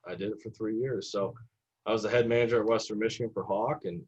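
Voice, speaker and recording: Husky-voiced man telling lively stories. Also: on the low side, fast. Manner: animated storyteller who acts out the people he quotes. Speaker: assistant basketball coach, guest. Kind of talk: storytelling in a casual podcast interview. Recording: dull lo-fi podcast audio.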